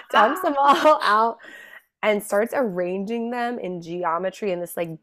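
A woman's voice: fairly high pitch, big pitch swings, slow pace, fairly bright tone. A woman in her thirties, a guest on a podcast, telling stories in a chatty way with lots of "like" fillers. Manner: chatty, frequent "like" fillers, laughs through stories. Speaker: guest, mindset coach. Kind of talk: casual podcast conversation.

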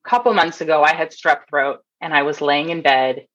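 A woman in her thirties from Toronto, with a fairly low voice, tells a story as a guest in a relaxed interview. She is animated and acts out the people she quotes, and her speech is loose and full of restarts. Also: a little fast, muffled recording. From Toronto, Canada. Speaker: guest, nurse.

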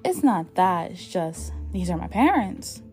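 A woman's voice: on the low side, very animated, a little slow, darkish tone, soft background music. A woman reading the lines of a dismissive, manipulative young boyfriend in a story. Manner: dismissive then pleading.

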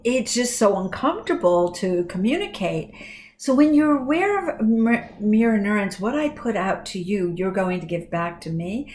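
A woman voice and communication coach talking casually on a podcast, telling animated stories about her clients. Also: fairly high pitch.

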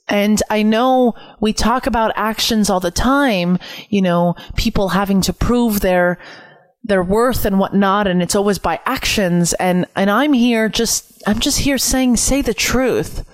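A young Canadian woman hosts her own solo podcast from a home room with the window open, speaking in a mid-range voice at an unhurried pace. The recording carries no room sound. She talks earnestly and reflectively, repeating phrases for emphasis.

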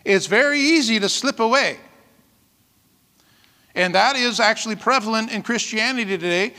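A pastor delivers a sermon at a moderate pace, his high, bright voice trailing a long reverb through the hall. He preaches in a lively, conversational way, often asking the congregation "amen?" and laughing lightly between points.

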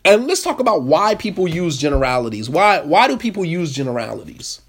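Guy running a marriage workshop, kinda high voice, keeps asking the room questions and hammering points home. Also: a little fast, a little hiss or hum. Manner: lively, questions the audience, repeats points for emphasis. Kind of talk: interactive talk to a live group.

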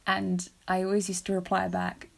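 A woman's voice: lowish voice, completely flat delivery, moderate pace, vocal fry. A woman, hosting a podcast in casual, rambling chat. She is emotional and self-deprecating and laughs often. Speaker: podcast host.

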